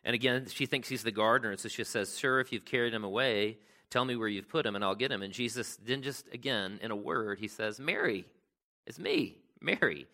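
A man's voice: fairly low pitch, fairly even intonation, brisk, hardly any pauses, bright, forceful tone. A man preaching a sermon in a conversational way, often asking "right?" and reading scripture aloud with extra emphasis. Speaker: pastor.

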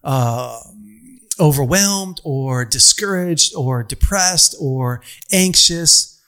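A young adult man delivers a conversational motivational sermon to an audience, piling phrases into long repetitive lists with casual fillers. His voice is fairly high and animated, with drawn-out words and a sharp tone.

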